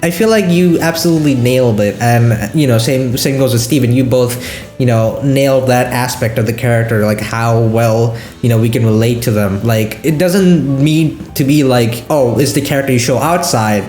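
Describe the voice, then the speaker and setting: A man interviewing his voice cast, hyper and excitable, often stumbling over his words. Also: mid-range voice, moderate pace, echoey room, soft background music. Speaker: interviewer and show creator. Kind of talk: casual interview.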